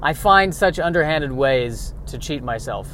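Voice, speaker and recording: A man with a somewhat raised pitch rambles through a comic monologue, mocking himself and wandering from one thought to the next. He talks to himself as he goes. A faint hum of a car sits behind his voice. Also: lively intonation, unhurried, sharp tone. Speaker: vlogger.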